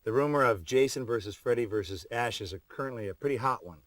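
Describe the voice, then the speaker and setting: A middle-aged actor in an interview clip, talking in a joking, deadpan way. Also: male voice, medium pitch, fast, no room sound.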